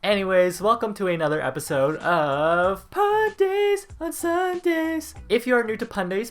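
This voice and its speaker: Animated young Canadian guy. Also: mid-range voice. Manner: animated, playful, punning. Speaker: vlogger. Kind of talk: casual chat answering viewer questions.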